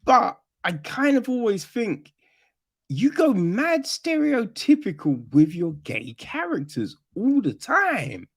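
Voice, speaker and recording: A man talking through a film on his podcast, his voice sitting fairly high and swooping all over as he gets into it. He speaks unhurriedly and swears freely, and keeps checking in with his listener. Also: slow pace, husky. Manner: animated, profane, mimics characters in mocking high voices; peppers talk with "right?" and "you know what I mean?". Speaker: podcast host. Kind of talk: casual film review chat.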